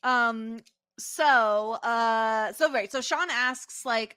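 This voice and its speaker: Bright-voiced excitable woman co-host. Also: on the high side, clean tone, dry recording, studio quality. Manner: excitable, quick reactions. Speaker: podcast co-host. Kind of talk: casual chat.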